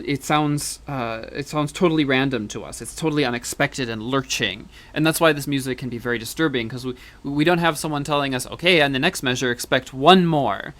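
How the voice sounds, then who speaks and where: A man's voice: medium pitch, fairly bright tone. A man giving a university music lecture, explaining step by step, counting beats and humming rhythms, with frequent fillers and restarts.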